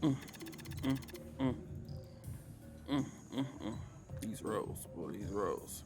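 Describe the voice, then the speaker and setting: A man's voice: fairly low pitch, lively intonation, slow pace, music in the background. A man, narrating a tabletop game as game master in a casual way, sighing and muttering to himself.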